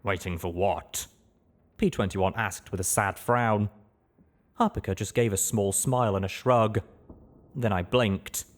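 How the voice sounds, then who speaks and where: A man reading a first-person fantasy audiobook in an expressive storytelling manner. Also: on the low side, unhurried. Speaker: audiobook narrator.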